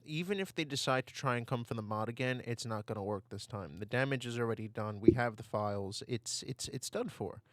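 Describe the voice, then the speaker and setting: A man's voice: mid-range voice, no echo. Fired-up male gamer ranting, dry mic. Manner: heated ranting with repeated phrases. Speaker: gaming YouTuber. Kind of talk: commentary over gameplay. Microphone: desktop mic.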